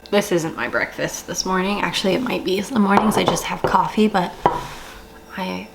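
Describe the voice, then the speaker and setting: A woman's voice: fairly low pitch, normal speed, creaky, heavy background noise. A young woman vlogging at home, chatting casually and rambling, questioning herself as she goes. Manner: rambling, self-questioning, frequent laughs. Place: home kitchen. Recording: roomy, distant, with kitchen clatter.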